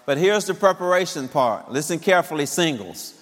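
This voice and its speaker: A man in his fifties telling a personal story to an audience of singles in an animated way, often laughing. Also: a little high, brisk, big-room sound. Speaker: speaker addressing singles.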